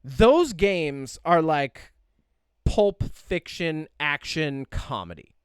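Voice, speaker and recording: A man co-hosting a podcast, talking in a casual, rambling way and acting out little quoted lines as he goes. His voice sits a little high and sounds smooth and clear. The recording is dry and close, with no room echo. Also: extremely slow. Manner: animated, rambling with many "like" fillers and quoted asides. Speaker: podcast co-host. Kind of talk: casual chat.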